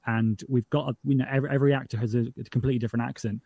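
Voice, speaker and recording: Racing along with vocal fry in a medium-pitched voice, a northern English podcast creator chats through an interview, frequently starting his sentences over. He gets livelier when telling jokes, and there's no room sound at all.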